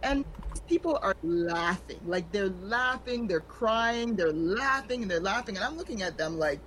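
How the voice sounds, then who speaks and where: Animated, frank woman comedian in her forties. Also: mid-range voice, normal speed, a little hiss or hum, rough recording. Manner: animated, frank, acts out other people's lines. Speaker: stand-up comedian, guest. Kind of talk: storytelling in a podcast chat.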